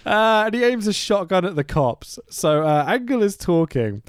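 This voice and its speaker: Animated, laughing man on a podcast. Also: high-pitched, moderate pace, clean tone, no echo, studio quality. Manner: animated, laughing, swearing, acting out scenes. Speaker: podcast co-host recapping a film. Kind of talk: casual chat.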